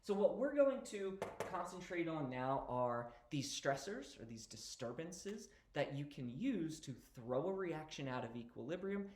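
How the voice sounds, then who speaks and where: A man's voice: on the high side, sing-song, measured pace, few pauses, darkish tone, echoey room, a little hiss or hum. A male teacher giving a casual recorded lecture, explaining step by step and often checking in with "okay?".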